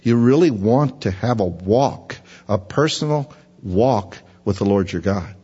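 A man preaching a conversational sermon, acting out everyday voices with a pitch jump. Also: expressive, a little slow, warm tone, husky. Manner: conversational, acts out imagined voices in a higher pitch. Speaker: pastor. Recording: dull reverberant hall sound.

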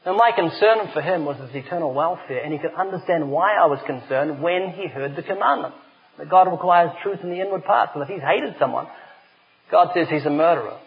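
High-voiced, animated middle-aged preacher. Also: male voice, brisk, vocal fry. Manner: animated storyteller, emphatic. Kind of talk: sermon with humorous anecdotes. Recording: dull lo-fi recording.

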